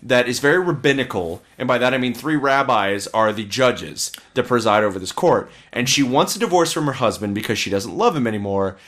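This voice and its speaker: A man's voice: medium pitch, animated, brisk, hardly any pauses, fairly bright tone. A man co-hosting a casual podcast, rambling and opinionated as he reviews films, swearing freely. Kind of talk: casual chat.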